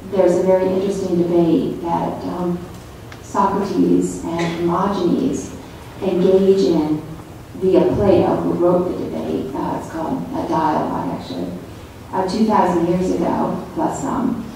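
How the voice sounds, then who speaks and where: A woman giving an author's talk in a college lecture room, reading from her book and speaking slowly and deliberately, drawing out syllables. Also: lowish voice, warm tone, a little hiss or hum. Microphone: distant from the recording mic. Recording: echoey hall recorded from far off.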